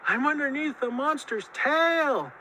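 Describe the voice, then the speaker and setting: A man's voice: very high-pitched, expressive, measured pace, sharp tone, a little hiss or hum, voice pushed up, heavily acted, low-quality recording. A man voicing a small, anxious muskrat. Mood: panicked. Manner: anxious, crying out. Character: small conceited male muskrat, stuck and calling for help.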